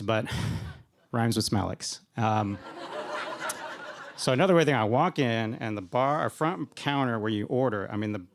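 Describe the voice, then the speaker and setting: A man's voice: lowish voice, creaky. A man telling a humorous personal story on stage at a live event, rambling and self-deprecating, often laughing as he talks.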